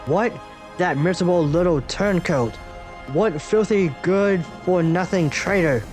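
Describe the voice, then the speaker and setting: A man reading out a comic, voicing a blustering, loud middle-aged newspaper publisher who hurls insults. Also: sits high, a little slow, soft background music. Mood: angry, blustering. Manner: shouty, indignant, insulting.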